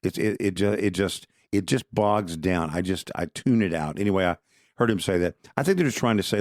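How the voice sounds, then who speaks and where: A man's voice: low voice, brisk, darkish tone, no echo, clean studio sound. A man co-hosting a podcast, talking politics casually and with strong opinions, often restarting his sentences. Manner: conversational, opinionated, frequent restarts. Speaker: podcast co-host.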